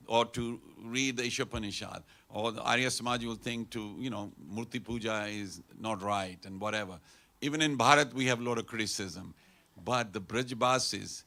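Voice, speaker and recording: A man's voice: medium pitch, creaky, pushed and bright. A man giving a conversational storytelling talk at a temple, acting out the characters in his stories. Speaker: temple speaker. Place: temple hall.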